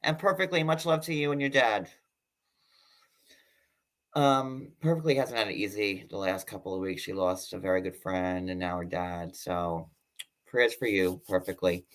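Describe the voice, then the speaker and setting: A man's voice: low-pitched, steady tone, normal speed. Chatty, sarcastic male host. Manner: chatty, sarcastic, full of "like" fillers. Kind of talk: casual livestream commentary.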